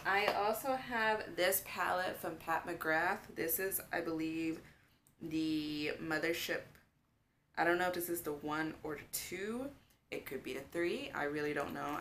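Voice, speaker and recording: A young woman with a low voice chats through a makeup tutorial in a gushing, filler-heavy way. She is recorded on a camera in front of her, with a faint hiss in the background. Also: a bit bright. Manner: chatty and gushing, with many fillers like "um" and "like". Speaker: beauty vlogger. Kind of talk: casual makeup tutorial chat.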